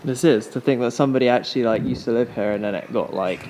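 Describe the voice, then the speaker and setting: A man chatting casually and quickly, prompting a friend off camera. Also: medium pitch, heavy background noise. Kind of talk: casual chat.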